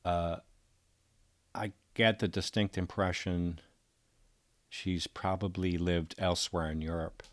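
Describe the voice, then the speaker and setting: Host with a deep voice and a dry, close sound. Thinks out loud, hesitant, corrects himself as he goes. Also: flat delivery, slow, pauses often, no echo. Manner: musing, tentative, self-correcting. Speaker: commentator. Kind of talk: thinking-aloud video commentary.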